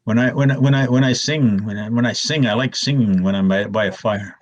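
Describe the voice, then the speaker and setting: An older man, an elder telling stories in a gentle, slow way, often restarting his words, with a husky voice. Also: medium pitch, dull audio. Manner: soft, slow and repetitive, with many restarts. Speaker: elder storyteller. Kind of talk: gentle storytelling talk.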